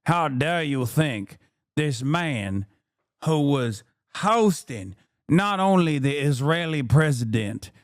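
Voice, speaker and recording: A man's voice: fairly high pitch, animated, slow, no echo, studio quality. A man streaming, reacting to a debate clip with profane, sarcastic commentary.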